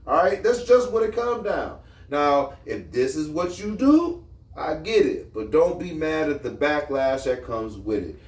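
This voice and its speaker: A man's voice: fairly high pitch, sing-song, unhurried. A man co-hosting a podcast, giving his blunt opinion at length in casual chat with streetwise slang. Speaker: podcast co-host. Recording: echoey room, mic at a distance.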